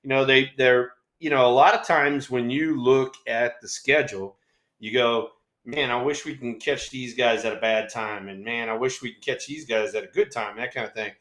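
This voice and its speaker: On a casual sports talk show, a co-host in his sixties who used to play ball spins rambling stories packed with fillers like "you know." He speaks at a normal speed with a steady, medium-pitched, fairly bright voice, and the recording is reverberant.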